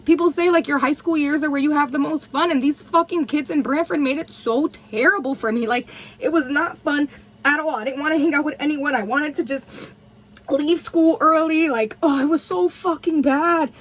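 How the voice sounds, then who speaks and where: A woman's voice: high voice, moderate pace, poor audio. A woman in her twenties from New Haven, telling a candid, profanity-filled story time while doing her makeup. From New Haven, USA. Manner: candid, heavy swearing, lots of "like". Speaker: vlogger.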